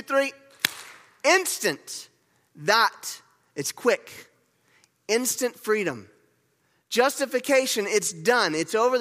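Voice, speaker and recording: A man delivers a sermon in a high, bright voice, repeating key words and getting his congregation to join in. The sound carries a long reverb from the church hall around him. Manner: lively, repeats key words, leads the congregation in gestures and call-and-response. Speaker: pastor.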